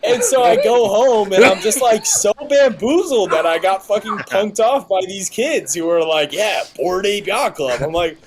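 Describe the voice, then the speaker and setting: A young man, a podcast guest, telling stories in casual chat, animated and swearing a lot. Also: high-pitched, normal speed, few pauses, a crowd in the background. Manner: animated, heavy swearing, laughing often.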